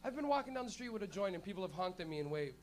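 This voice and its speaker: This Canadian-sounding comic has a high voice and talks very fast, his pitch swinging widely as he hosts a club stand-up night on a stage mic. Crude, animated tales alternate with loud shouting, and a faint hiss or hum sits under the audio.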